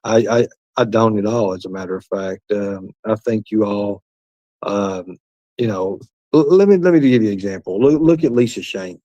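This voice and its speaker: A man with a fairly low voice hosts a livestream, reading the chat aloud. He rambles, swears freely and repeats himself, recorded dry and close. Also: moderate pace, warm tone, no echo, dull audio. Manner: rambling, profane, repetitive. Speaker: livestream host.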